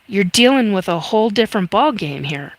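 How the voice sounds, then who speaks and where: A woman's voice: medium pitch, expressive, brisk, dry recording. A woman in her fifties hosting a casual livestream, chatty and reading viewer comments aloud with many fillers. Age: 50s. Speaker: livestream host reading chat. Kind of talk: casual live chat.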